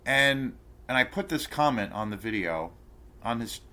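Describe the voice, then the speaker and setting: A man's voice: mid-range voice, lively intonation, moderate pace, bright, forceful tone, slight background noise. A man hosting his own channel, telling an indignant story in a rambling, profane way, full of fillers and restarts. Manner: indignant, outraged. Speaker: channel host ranting to camera. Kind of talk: casual rant vlog.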